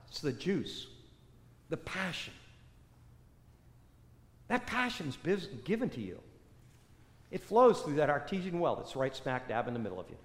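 A man preaching a storytelling sermon, animated, swinging between loud bursts and hushed, low passages. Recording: echoey hall with long reverb.

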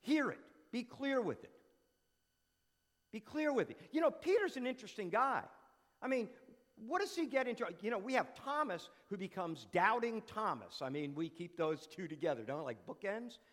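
Male preacher, high voice, rhetorical and repetitive, conversational sermon, echoing hall. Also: moderate pace. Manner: animated, asks rhetorical questions, repeats phrases for emphasis.

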